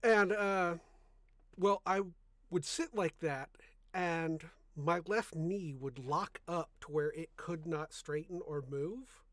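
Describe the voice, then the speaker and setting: A young podcast host speaks slowly in a fairly high, soft voice, recorded with studio quality and no room sound. His casual chat rambles, and he often corrects himself partway through a sentence.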